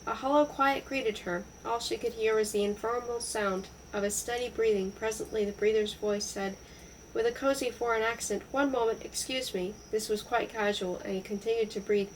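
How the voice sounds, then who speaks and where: A woman reading literary prose aloud in a slow, measured narration. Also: medium pitch, far from the mic, slight background noise, low-quality recording. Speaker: audiobook reader.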